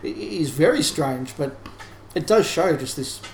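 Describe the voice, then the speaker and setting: Chatty man, slightly high voice. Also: lively intonation, normal speed. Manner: thoughtful, analytical, chatty with restarts. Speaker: podcast co-host. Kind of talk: casual discussion. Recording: roomy sound with faint background hiss.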